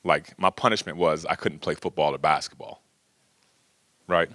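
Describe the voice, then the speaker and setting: A man's voice: extremely low pitch, steady tone, moderate pace, bright, forceful tone, dry recording. A middle-aged man speaking casually to an audience, telling stories with lots of "you know" and "right?". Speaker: speaker at a workshop. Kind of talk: casual storytelling talk to an audience.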